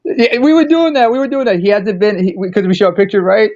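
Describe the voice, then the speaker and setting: A man's voice: high-pitched, fast, darkish tone. A man on a podcast hangout, joking and rambling in casual chat. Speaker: podcast panelist. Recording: dull lo-fi online audio.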